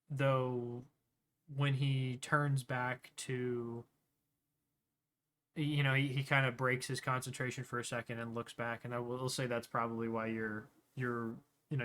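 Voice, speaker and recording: A man running a tabletop game as game master, narrating scenes in a meandering way and often pausing to search for words. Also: mid-range voice, bright, forceful tone.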